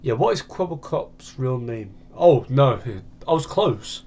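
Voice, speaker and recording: A man's voice: medium pitch, sing-song, unhurried, hardly any pauses, darkish tone. A man from the United Kingdom giving rambling, casual commentary over a video game at his home computer. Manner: rambling, meandering chat. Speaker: gaming channel host.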